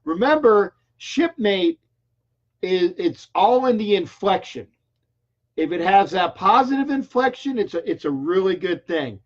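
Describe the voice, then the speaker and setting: Older guy hosting a sports call-in show, rambles a lot, kinda high voice, muffled audio. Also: big pitch swings, unhurried. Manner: chatty, rambling with restarts. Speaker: radio call-in show host. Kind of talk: casual call-in sports talk. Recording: dull lo-fi stream audio.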